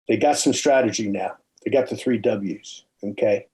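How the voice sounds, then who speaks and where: Animated storytelling male podcast host. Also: medium pitch, moderate pace, hardly any pauses, rough recording. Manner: animated, checks in with "okay?" and "right?". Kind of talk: casual storytelling interview.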